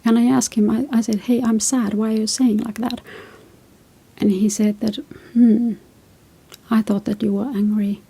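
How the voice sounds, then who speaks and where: Husky, gravelly woman giving gentle advice. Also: fairly high pitch, little pitch movement, normal speed. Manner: reflective, tells personal stories. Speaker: relationship advice host. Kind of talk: casual advice talk.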